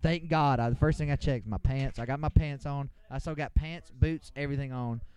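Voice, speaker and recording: A man's voice: medium pitch, steady tone, fairly quick, a little mellow. A young man on a casual podcast, rambling through a profane, boisterous anecdote. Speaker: podcast co-host. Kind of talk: casual storytelling among friends.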